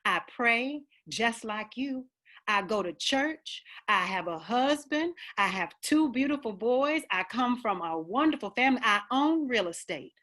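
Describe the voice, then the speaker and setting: A woman's voice: on the high side, expressive, a little slow, a bit bright. Woman, slight country twang, earnest and direct personal statement, video call audio. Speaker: opera singer and panel guest.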